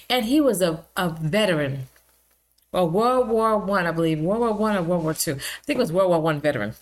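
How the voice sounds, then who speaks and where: Low-voiced indignant woman. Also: expressive, normal speed. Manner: indignant, emphatic, repeats lines for stress. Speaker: video blogger. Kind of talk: impassioned vlog commentary.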